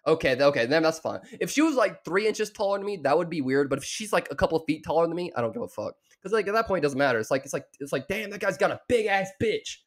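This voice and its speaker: A man's voice: on the high side, lively intonation, rapid-fire, hardly any pauses. Crude rambling southern streamer guy. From American South. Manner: rambling, crude, mocking, filler-heavy. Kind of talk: profane reaction commentary.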